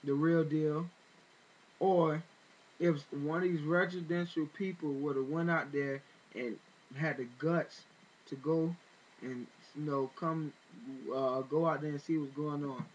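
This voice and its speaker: A man with a fairly high voice retells events in loose, rambling commentary, full of fillers and restarts. His tone turns indignant as he goes. The recording sounds dull and lo-fi. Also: steady tone, measured pace, slight background noise. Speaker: vlogger. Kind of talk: casual spoken commentary.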